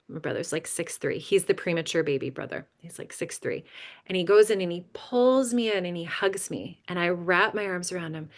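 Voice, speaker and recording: A woman leading a boundaries workshop, telling a personal story and checking in with frequent "right?" questions. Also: on the low side. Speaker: workshop leader. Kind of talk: teaching a live boundaries workshop.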